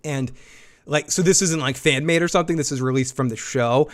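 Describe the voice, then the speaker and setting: A man hosting a live TV episode review, talking in an excited, rambling way, repeating himself and swearing now and then. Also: on the high side, brisk. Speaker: show host.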